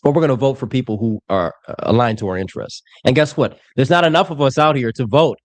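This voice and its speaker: A man in his twenties talking fast and bluntly, pressing his opinions hard in a casual panel chat. His voice is dry and close, with nothing of a room around it. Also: mid-range voice, dry recording. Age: 20s. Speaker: panel commentator.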